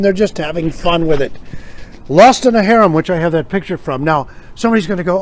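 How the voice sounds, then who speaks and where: A man's voice: high voice, fast, a little mellow. A man hosting a casual comedic monologue, wry and joking, acting out quoted gags. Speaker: host.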